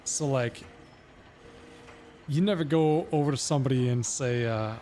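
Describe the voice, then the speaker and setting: A man's voice: mid-range voice, normal speed, pauses often, mellow, slight background noise. A man livestreaming a game, rambling and musing as he talks to his chat in casual commentary. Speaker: gaming livestreamer.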